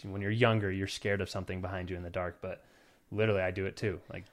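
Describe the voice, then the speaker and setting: A man's voice: low-pitched, level tone, fast. A man in his thirties hosting a casual podcast chat, teasing and joking as he talks. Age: 30s. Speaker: podcast host.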